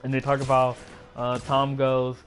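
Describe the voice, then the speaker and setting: A man's voice: mid-range voice, completely flat delivery, moderate pace, soft background music. A man casually recapping a film for his channel in a loose, rambling way, full of "like" and "uh" and restarted sentences.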